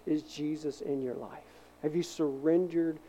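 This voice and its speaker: A man preaching from the pulpit with a warm, mellow tone. His delivery is animated; he acts out voices in his stories and sometimes drops to a soft hush to stress a point. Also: on the high side, measured pace, a little hiss or hum, low-quality recording. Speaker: pastor. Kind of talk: sermon.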